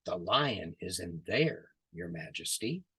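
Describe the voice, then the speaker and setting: A man's voice: fairly high pitch, lively intonation, measured pace, voice pushed up. A man doing a stammering, sly old rabbit. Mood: hushed, sly. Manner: stammering, nervous, falsely humble. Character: wise old male rabbit, flustered and sly. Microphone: video call.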